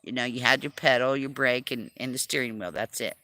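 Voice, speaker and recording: A woman's voice: a bass voice, fairly quick, bright, forceful tone. A woman chatting casually on a livestream, self-deprecating and laughing often as she talks. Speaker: livestream host.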